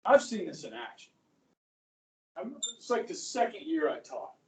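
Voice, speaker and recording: A man's voice: fairly high pitch, sing-song, normal speed. A male history teacher giving a chatty, rambling classroom lecture and often checking in with students. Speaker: high school history teacher. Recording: echoey classroom from far off.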